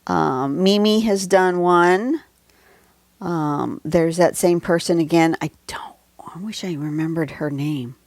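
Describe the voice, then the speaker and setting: A woman hosting a drawing tutorial talks slowly in a lowish, darkish voice. The livestream lesson is easygoing and chatty, wandering into many asides, recorded on a phone at home with a dry sound.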